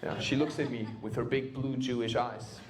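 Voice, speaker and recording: A man's voice: mid-range voice, fairly even intonation, moderate pace. A man from Germany performing a stand-up set, brash and swearing, doing crowd work. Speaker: stand-up comedian. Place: comedy club stage. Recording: live club with loud audience. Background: audience laughter and cheering.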